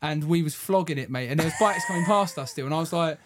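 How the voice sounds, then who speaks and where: A man's voice: on the high side, fast, over music. A podcast host chatting casually, reminiscing and prompting his guest. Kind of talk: casual interview chat.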